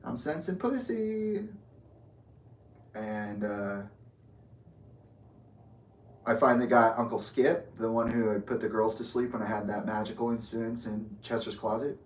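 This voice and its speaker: A man tells a story in casual conversation, animated and profane, and acts out the people in it. He sits at a distance from the mic, and the room rings with echo. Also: lowish voice, brisk, hardly any pauses, slight background noise. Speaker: guest storyteller. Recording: echoey room, mic far off.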